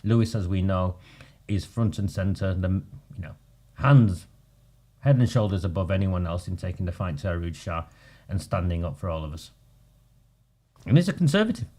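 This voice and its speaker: A man's voice: low voice, lively intonation, moderate pace, pauses often, warm tone. A man, a local campaigner talking bluntly and combatively in a casual video.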